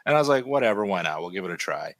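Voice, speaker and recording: Casual storytelling man, low voice. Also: racing, no room sound. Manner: animated, swears a lot. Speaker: artist and stream host.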